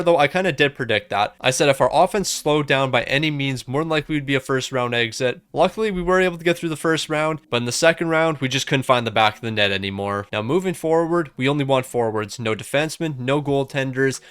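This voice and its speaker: A young man giving excited commentary over his own hockey video game season, talking himself through each playoff series. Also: mid-range voice, no room sound. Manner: hyped, talks himself through the games. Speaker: gaming YouTuber.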